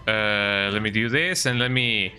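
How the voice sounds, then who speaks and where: A man's voice: lowish voice, unhurried, pushed and bright. A man streaming a video game, chatting casually and reacting as he goes, often tagging his lines with "eh?". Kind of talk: casual gameplay commentary. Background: game music.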